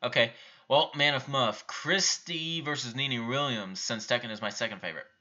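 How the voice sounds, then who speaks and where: Bright-voiced young man, offhand and blunt. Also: mid-range voice, normal speed, muffled recording. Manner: offhand, reads out questions and answers bluntly. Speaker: YouTube channel host answering viewer questions. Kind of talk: casual live-stream Q&A.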